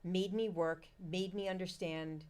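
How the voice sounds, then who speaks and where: A middle-aged woman with a slightly low voice tells a personal story in a casual interview. She talks in an animated way and jumps into other people's voices whenever she quotes them. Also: unhurried. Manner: animated, acts out quoted dialogue. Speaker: company founder, guest.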